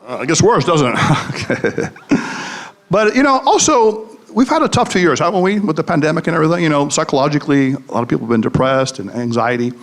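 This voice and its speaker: His voice a little high and expressive, a man speaks fast in a live comedic motivational speech. This psychologist and podcast host trades jokes and anecdotes and puts questions to the audience.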